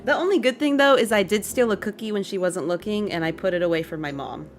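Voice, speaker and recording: A woman's voice: medium pitch, fast, faint music behind. Exasperated young woman venting to chat. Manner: exasperated, animated, laughing while venting. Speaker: streamer. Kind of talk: casual storytelling rant to chat.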